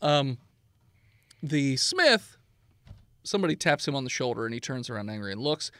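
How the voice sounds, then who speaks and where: Animated, lively-pitched game master. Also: male voice, normal speed, no echo. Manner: animated, hesitant with fillers, shouts NPC lines. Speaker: dungeon master. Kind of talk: narrating a tabletop game.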